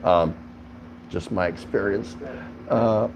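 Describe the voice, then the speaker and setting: A man's voice: lowish voice, expressive, moderate pace, muffled recording, slight background noise. A man hosting a casual livestream from his home, chatting with viewers, greeting them by name and laughing often. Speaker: livestream host.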